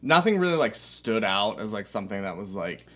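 A man's voice: lowish voice, very animated, brisk, a bit bright. A young man co-hosting a podcast, telling stories casually with lots of fillers and the odd swear word. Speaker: podcast co-host. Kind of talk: casual chat.

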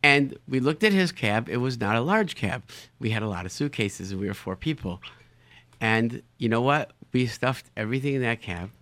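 A man's voice: medium pitch, expressive, moderate pace, fairly bright tone, dry recording. A man telling casual anecdotes animatedly, often repeating words as he finds his phrasing. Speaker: storyteller, show guest.

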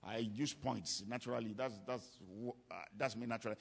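Speaking fairly quickly with few pauses, a preacher on the subject of ministry addresses his congregation emphatically, returning to key lines for weight. His medium-pitched voice is steady in tone, gravelly and slightly rough.

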